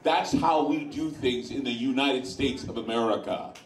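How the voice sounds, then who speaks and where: A man's voice: medium pitch, normal speed, very noisy. A man hosting an informal talk in front of a live audience at a sports lounge, speaking bluntly, with crude asides. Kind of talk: informal talk to a bar crowd. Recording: echoey room, voice far from mic.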